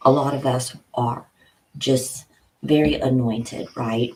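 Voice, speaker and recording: A woman's voice: rumbling low, fairly even intonation, slow, warm tone, poor audio. A woman giving a spiritual tarot reading to a camera at home, chatting loosely and stopping to talk to her dogs. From Louisiana. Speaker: tarot reader and psychic. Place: home room with dogs nearby.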